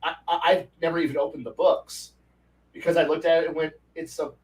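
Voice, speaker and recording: A man co-hosting a casual gaming chat, ranting in an animated way and swearing freely. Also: fairly high pitch, a little fast, recorded from a distance, low-quality recording. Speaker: podcast co-host.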